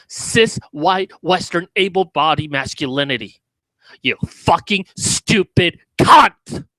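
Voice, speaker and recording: A man's voice: on the high side, a bit bright, dry recording. A man hosting a commentary video, ranting in a heated, sarcastic way with heavy swearing.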